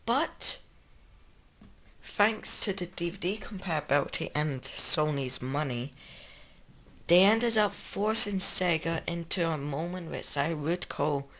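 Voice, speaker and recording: A man's voice: a little high, sharp tone. A male gaming channel host with an English accent, talking through games in casual, rambling commentary full of restarts. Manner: rambling, many restarts and fillers.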